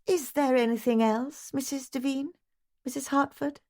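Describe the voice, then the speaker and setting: A woman narrator voices a careful young housemaid, polite and deferential. The voice lifts above the narrator's own in a brighter register. It is an audiobook reading. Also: high-pitched, steady tone, normal speed, pitched above the performer's own voice.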